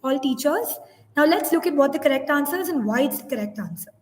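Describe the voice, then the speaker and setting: A woman with a high voice leads a teachers' webinar online, walking through answers step by step and correcting herself as she talks. Her voice carries a long reverb in an echoey room. She talks into a computer mic. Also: animated, fast talker. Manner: explanatory, reads out poll results, self-corrects.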